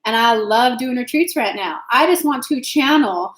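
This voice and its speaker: A frank, chatty woman with a fairly high voice hosts a casual live stream as an intuitive reader. She talks straight to her viewers, calls them by name and swears without fuss. Her voice bounces around an echoey room. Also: lively intonation, moderate pace, a bit bright.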